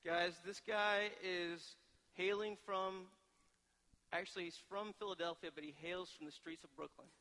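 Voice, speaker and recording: A man's voice: high voice, steady tone, normal speed, bright, forceful tone. A man hosting an event, introducing the next speaker to the crowd and building hype. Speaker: event host. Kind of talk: hyping up a speaker.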